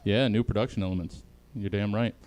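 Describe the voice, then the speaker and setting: A man's voice: fairly quick, soft background music. A man hosting a comedy panel show over a video call, laughing often between lines. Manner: laughs often, lively swings in pitch.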